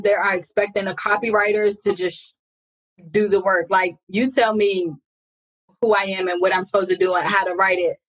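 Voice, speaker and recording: A woman's voice: mid-range voice, a bit bright, poor audio. Firm, emphatic woman podcast host. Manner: firm and emphatic, jumping in to make her point. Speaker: podcast host and business coach. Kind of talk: casual podcast conversation.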